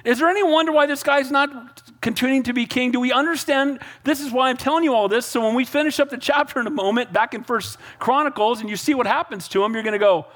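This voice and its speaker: A man with a high-pitched voice teaches a Bible passage in a relaxed, conversational sermon. He speaks casually and keeps checking in with his listeners. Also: fast talker. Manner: casual, keeps asking the congregation "Amen?". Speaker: pastor.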